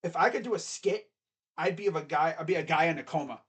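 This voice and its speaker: Brief: high-voiced male fan streaming live baseball reaction, rambling and excitable. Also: quick pace, breathy edge. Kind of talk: casual live play-by-play reaction.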